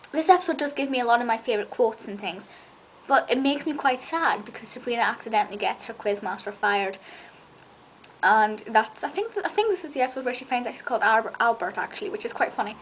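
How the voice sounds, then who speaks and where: A woman's voice: fairly high pitch, slight background noise, rough recording. A woman reviewing a TV episode in a casual, chatty video, gushing like a fan.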